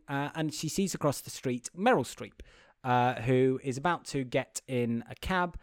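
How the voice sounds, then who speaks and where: A man's voice: medium pitch, moderate pace, a little mellow. A man co-hosting a casual film chat, rambling and opinionated with frequent restarts. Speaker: podcast co-host.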